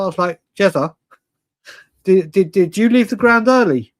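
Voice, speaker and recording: Brief: man, fan stream host, late night and tired, chatty ranting, stammers, voice sits a bit high. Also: moderate pace, long pauses.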